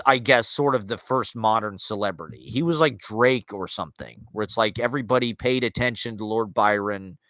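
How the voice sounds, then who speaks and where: Man, bright forceful voice, casual rambling monologue, lots of fillers and restarts, dry close sound. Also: fairly low pitch, dry recording. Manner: rambling, filler-heavy, restarts, wry asides. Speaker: podcast host. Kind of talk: casual monologue on literature and culture.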